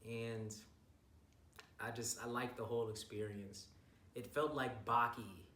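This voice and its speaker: Speaking at a measured pace with fairly even intonation and a sharp tone, this young man's voice is medium-pitched. He's a bodybuilder vlogger giving a hyped, rambling, profanity-filled casual recap of his show, recorded far from the mic in a roomy space with faint noise.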